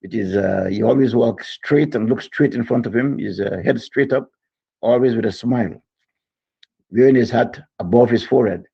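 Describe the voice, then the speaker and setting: A man's voice: mid-range voice, moderate pace, gravelly, dark tone, husky. A man with a Guyanese accent leaving a phone voice note, rambling and anecdotal in his memories, with many fillers, on a dull lo-fi recording. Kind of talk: reminiscing condolence message.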